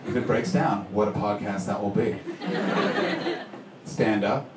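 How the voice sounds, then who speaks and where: A man works the crowd at a live stand-up show, loud and sweary, ribbing the audience between bits. He is recorded from a distance, with the room ringing around his voice. A steady background noise sits under him. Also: lowish voice, a little slow, echoey room. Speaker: stand-up comedian. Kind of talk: stand-up comedy with crowd work. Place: live comedy venue with audience.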